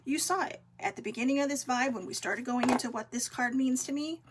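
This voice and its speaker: A woman's voice: high voice, fairly quick, noisy background. A woman hosting a vlog, talking to her viewers in a casual, heartfelt way, earnest and encouraging, with many fillers. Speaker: vlog host.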